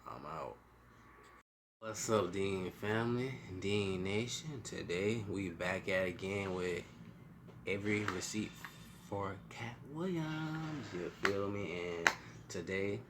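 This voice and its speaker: Deep-voiced man hosting a reaction stream. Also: slow pace, background noise. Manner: loose, profane, slangy. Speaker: reaction channel host. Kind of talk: casual reaction commentary.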